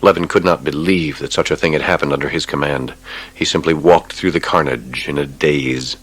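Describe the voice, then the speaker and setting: A man narrating a war novel audiobook in a measured, grave way. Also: extremely low pitch, fairly even intonation, a bit bright, husky.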